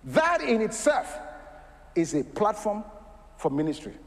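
Man, preacher, sermon, high voice, rhetorical questions, long hall reverb. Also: unhurried. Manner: animated, laughing asides, rhetorical questions to the congregation.

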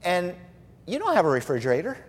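A man preaching a sermon as a pastor, telling stories with humor and lively emphasis. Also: high voice, fast, slightly rough, in a large hall. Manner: animated, humorous storytelling preacher.

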